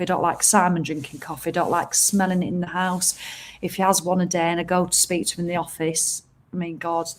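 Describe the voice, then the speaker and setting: A middle-aged woman, chatting casually and bluntly to viewers on a live stream from outdoors. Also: lowish voice. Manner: chatty, rambling, blunt and frank, with mild swearing. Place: outdoors by a seaside promenade.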